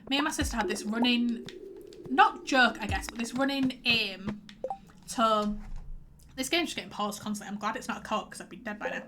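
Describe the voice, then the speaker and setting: A woman's voice: medium pitch, background noise. A young woman streaming a game, chatting in a rambling way with many fillers and reading out chat messages. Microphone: headset.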